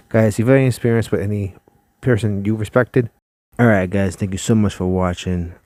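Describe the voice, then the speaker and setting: A man with a lowish, mellow voice tells a personal story straight to his viewers, chatty and animated, laughing as he goes. The sound is dry and close, with no room around it. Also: brisk, no echo. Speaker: channel host. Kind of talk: casual storytelling to camera.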